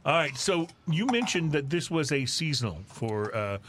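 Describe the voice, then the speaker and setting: A man's voice: medium pitch, big pitch swings, slow pace, creaky, fairly bright tone, slight background noise. Man, podcast host, casual chat, laughs a lot, lots of fillers. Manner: chatty, laughs often, many fillers.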